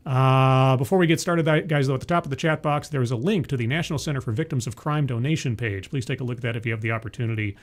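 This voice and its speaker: A man hosting a live-streamed interview show, chatty and energetic, often correcting himself mid-sentence. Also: medium pitch, fast talker, hardly any pauses.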